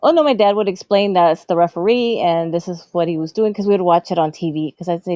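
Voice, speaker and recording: A woman tells long childhood stories in a loose, chatty way. She often acts out the people in them in a higher voice. The sound is dry and a bit dull. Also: quick pace, mellow, no room sound. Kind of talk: casual storytelling chat.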